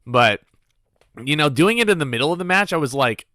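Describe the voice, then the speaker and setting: A man's voice: fairly high pitch, lively intonation, fairly quick, pushed and bright, dry recording, clean studio sound. A man from Wales as guest co-host in a casual wrestling review chat, easygoing and chuckling along. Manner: easygoing, chuckles along, short agreeing replies.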